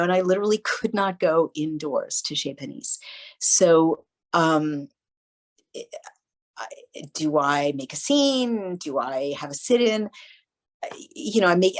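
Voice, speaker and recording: A woman guest in a casual interview, telling stories in an animated way and acting out the voices of people she quotes. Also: lowish voice, low-quality recording. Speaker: podcast guest.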